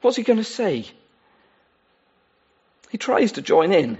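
A man's voice: sits high, big pitch swings, slow, pauses often, a little mellow, husky, lo-fi sound. A man preaching a sermon in an earnest, pleading way, addressing his listeners directly. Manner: earnest, pleading, with many asides.

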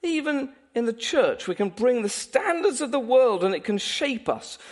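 A man preaching a sermon in an animated, playful way, often laughing. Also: very high voice, moderate pace.

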